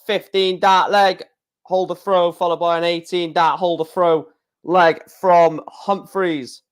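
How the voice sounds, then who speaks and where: A man's voice: high-pitched, flat delivery, slow pace, clean tone. Man calling darts scores on a watchalong stream. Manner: calls out scores in short bursts, chatty asides. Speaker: stream host. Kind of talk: casual live darts watchalong commentary.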